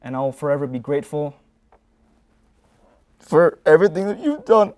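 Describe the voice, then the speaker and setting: A man's voice: on the high side, expressive, moderate pace, darkish tone. A young man, a graduating student on a sports show, giving a sincere, rambling farewell full of fillers. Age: young adult. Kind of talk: heartfelt farewell speech.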